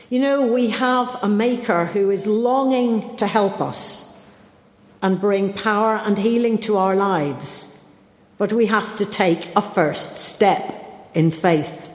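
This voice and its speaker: Woman preacher, slow and earnest, lots of church echo and long reverb. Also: medium pitch. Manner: slow, earnest and reflective, with searching questions. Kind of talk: sermon.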